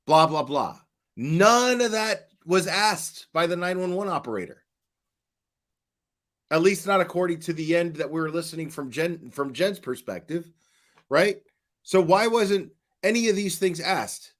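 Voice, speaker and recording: Skeptical, fairly high-voiced male commentator. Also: lively intonation, measured pace, fairly bright tone. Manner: skeptical, questioning, many restarts and rhetorical questions; acts out quoted dispatcher questions. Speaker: true crime commentator. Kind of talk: casual commentary.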